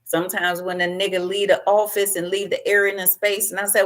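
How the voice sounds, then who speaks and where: A woman's voice: medium pitch, flat delivery, fast talker, fairly bright tone. A woman doing a tarot reading as a brash, profane, rambling rant, laughing as she goes. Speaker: tarot reader.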